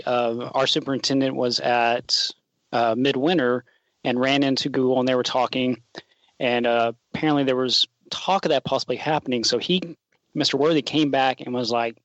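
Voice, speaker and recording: A man's voice: mid-range voice, no room sound, lo-fi sound. Laid-back man telling a story, dullish sound. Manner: relaxed, filler-heavy telling with many "like"s and "um"s. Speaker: teacher advisor of a student tech team. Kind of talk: casual storytelling in an interview.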